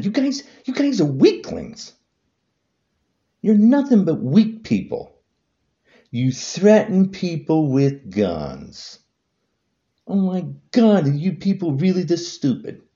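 A man's voice: huge pitch swings, takes it slowly, pauses often, warm tone, dull audio. A man delivering an angry political rant to camera, hurling repetitive insults. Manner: heated, repetitive insults, voice swinging high and low. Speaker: vlogger.

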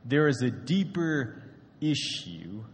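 A pastor retelling a scripture story in a casual, storytelling sermon to a congregation in a church hall. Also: male voice, mid-range voice, very animated, slow.

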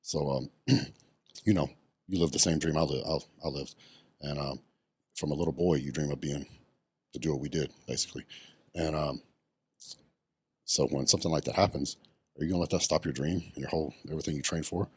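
A man's voice: a bass voice, fairly even intonation, brisk, long pauses, breathy edge, dry recording. A middle-aged man, telling his story bluntly in a casual podcast interview, swearing often. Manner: blunt and profane, many ums. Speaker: podcast guest, retired bodybuilder.

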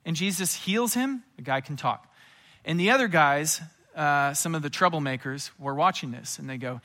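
A man preaching with a bright, forceful tone and a slightly high voice. He works through a sermon like a storyteller, with casual asides and scenes that he acts out with energy. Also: sing-song, normal speed. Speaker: pastor.

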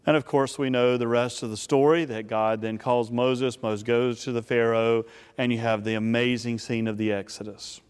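A man preaching a sermon, telling a Bible story in an animated way and often repeating words as he restarts a thought. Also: medium pitch, moderate pace, clean tone, in a large hall. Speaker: pastor.

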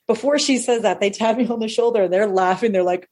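A woman comedian telling a long profane anecdote, animated and acting out the people she quotes. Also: mid-range voice, brisk, breathy edge. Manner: animated, acts out quoted voices, swears freely. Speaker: stand-up comedian.

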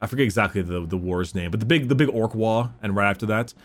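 A man's voice: fairly low pitch, quick pace. A man hosting a casual podcast chat, rambling through lore explanations with fillers, restarts and casual swearing.

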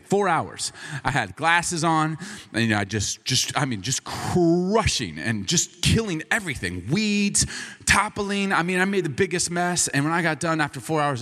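A man in his forties, a pastor, telling a funny story in a sermon in an animated, self-mocking way. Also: a little high, big-room sound.

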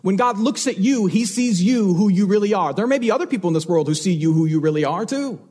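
Guy pastor giving a sermon, kinda high voice, a bit husky, earnest and emphatic. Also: lively intonation, fast talker, mellow. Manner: earnest, emphatic preaching with repeated phrases.

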